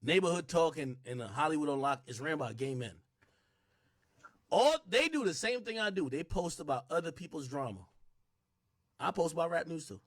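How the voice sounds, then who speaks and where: A man hosting a livestream, talking in a casual rant that swings from low mutters to shouted bursts. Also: animated, moderate pace, dry recording, studio quality. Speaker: livestream host.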